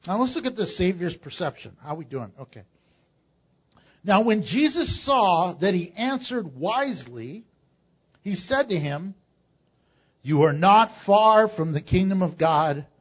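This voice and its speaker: An older man preaching a sermon as pastor, animated and joking, with sudden loud bursts. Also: sits high, measured pace, slightly rough, highs cut off. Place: church.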